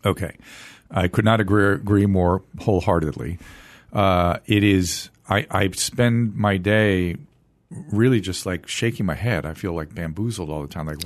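A man in his sixties hosting a podcast, talking in a quick, animated way with frequent self-corrections. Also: fairly low pitch, no echo. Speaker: podcast host. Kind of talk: casual conversational interview.

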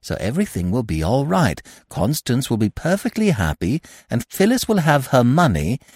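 A man's voice: mid-range voice, huge pitch swings, normal speed, a little mellow, no echo, studio quality, pitched above the performer's own voice, exaggerated voice. A man reading the part of a nervous, guilty middle-aged man who stammers and speaks hastily. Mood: flustered. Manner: stammering, hoarse, hasty.

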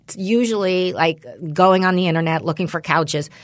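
A middle-aged woman co-hosting a podcast, telling a rambling story in casual chat and putting on animated voices when she quotes people. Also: lowish voice, moderate pace, no room sound, clean studio sound. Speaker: podcast co-host.

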